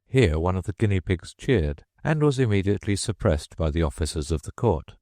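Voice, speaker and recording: A man's voice: low-pitched, fairly quick, no echo, studio quality. A man reading a children's classic aloud as an audiobook narrator, telling it expressively. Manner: expressive storytelling. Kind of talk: scripted narration.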